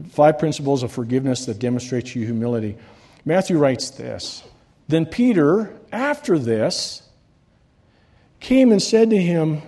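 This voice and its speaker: A man preaching a sermon, swinging between loud, rising reading and quiet, dropped endings. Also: a little high. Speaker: pastor.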